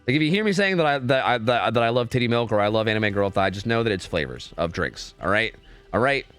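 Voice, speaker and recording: A man casting game scrims on a live stream in a casual, chatty way, often repeating words in quick bursts. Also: medium pitch, expressive, a bit bright, clear, resonant tone, faint music behind.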